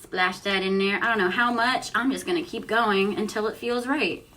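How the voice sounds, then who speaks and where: A woman's voice: medium pitch, normal speed, pushed and bright, a little hiss or hum. A young woman chats casually and giggles while mixing a cocktail at home for her vlog. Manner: chatty and giggly, often trailing off with fillers. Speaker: host of a news and cocktail vlog.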